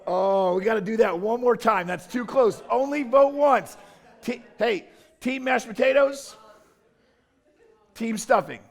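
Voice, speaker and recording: High, gravelly-voiced man joking with a crowd. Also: measured pace. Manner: jokey, energetic, calls out to the crowd. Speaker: pastor. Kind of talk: playful audience poll from the stage. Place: church service.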